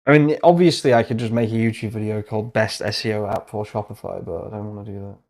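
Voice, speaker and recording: Excitable young man thinking aloud. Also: lowish voice, fast talker. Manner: thinking aloud, excitable, laughs often, mutters asides. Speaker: host. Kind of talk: casual livestream commentary.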